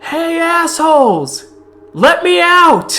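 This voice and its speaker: A woman voicing a foul-mouthed captive young woman who yells insults at her jailers. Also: extremely high pitch, big pitch swings, slow pace, slight background noise, voice pushed up, heavily acted. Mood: furious. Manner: yelling insults.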